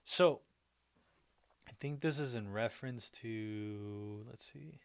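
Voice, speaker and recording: Here a livestream host talks slowly in a lowish voice that is both gravelly and smooth. Friendly and upbeat, he reacts to viewer comments in a meandering chat, frequently restarting and leaning on "like."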